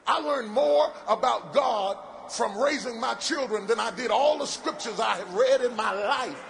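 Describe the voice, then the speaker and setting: Gravelly middle-aged preacher guy, bright edge, folksy jokes then hollering rhythm. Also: extremely high pitch, a little slow, a little hiss or hum. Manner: rhythmic, building to shouted sing-song cadences; folksy, playful asides. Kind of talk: sermon. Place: large event venue.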